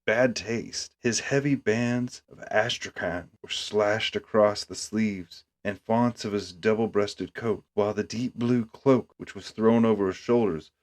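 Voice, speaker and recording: Low-voiced man reading a classic story. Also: steady tone. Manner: measured, storytelling delivery. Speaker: reader. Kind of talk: audiobook narration.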